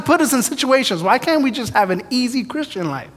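A man's voice: very high-pitched, very animated, fairly quick, fairly bright tone. A man preaching a storytelling sermon, who acts out his prayers and the dialogue in his stories. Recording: long hall reverb.

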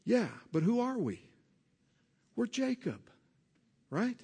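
A man preaching a sermon, asking the congregation questions and swinging between hushed, low passages and loud, emphatic ones. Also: sing-song, slow pace, slightly rough. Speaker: pastor.

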